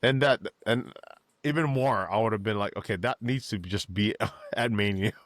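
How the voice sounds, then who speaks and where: A man's voice: on the low side, moderate pace, fairly bright tone, dry recording, studio quality. A man co-hosting a wrestling podcast in an easygoing chat, full of fillers, hyping wrestlers and thanking viewers. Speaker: podcast co-host.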